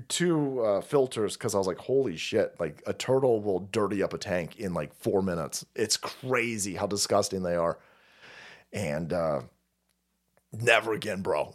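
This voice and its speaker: Profane rambling livestream host, animated pitch. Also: male voice. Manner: profane, rambling, laughing often. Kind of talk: casual livestream chat, reading chat.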